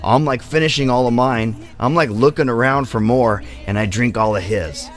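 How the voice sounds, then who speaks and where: A man hosting a casual chat show, telling a story in a relaxed way and acting out other people's lines in raised voices. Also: mid-range voice, normal speed, over music. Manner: animated, acts out friends' lines in raised voices. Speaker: podcast host.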